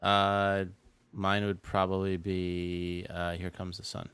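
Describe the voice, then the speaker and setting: Brief: low-voiced male co-host, smooth and resonant, relaxed with fillers. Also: slow, no room sound. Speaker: podcast co-host reading listener questions. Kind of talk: casual chat.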